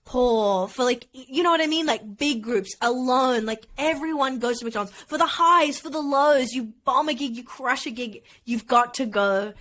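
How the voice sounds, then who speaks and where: A woman's voice: on the high side, normal speed, hardly any pauses, fairly bright tone. A woman co-hosting a comedy podcast, bantering in a playful, mock-earnest way. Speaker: podcast co-host. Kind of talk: casual chat.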